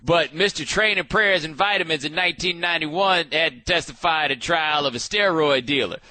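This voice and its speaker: Male sports radio host, casual and animated, bright tone, dry studio sound. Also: on the high side, a little fast, no echo. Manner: animated, riffing, frequent restarts.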